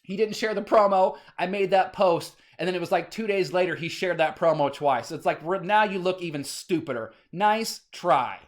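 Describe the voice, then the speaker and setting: Male vlogger, high-ish voice, agitated rambling rant, salty language. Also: normal speed, hardly any pauses. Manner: agitated, rambling, swears often. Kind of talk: casual ranting monologue.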